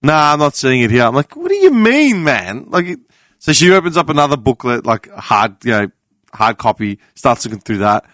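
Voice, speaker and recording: An Australian man on a podcast panel, telling a story in a casual, animated way. He acts out the people in his story, swears casually and laughs often. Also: mid-range voice, fairly quick, dry recording, clean studio sound.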